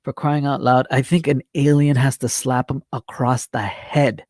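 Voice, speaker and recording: A man's voice: mid-range voice, fairly even intonation, normal speed, darkish tone, no room sound, clean studio sound. A man hosting an online talk show, reading news articles aloud and scolding doubters in a worked-up, exasperated rant.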